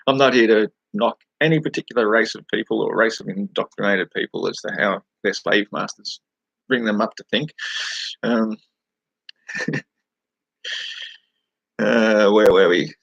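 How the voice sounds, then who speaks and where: Gravelly Australian man rambling on a live stream. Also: fairly low pitch, measured pace, long pauses, fairly bright tone, dry recording, low-quality recording. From New South Wales, Australia. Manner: rambling, swears freely, laughs at his own remarks. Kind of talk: casual live chat with viewers. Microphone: webcam.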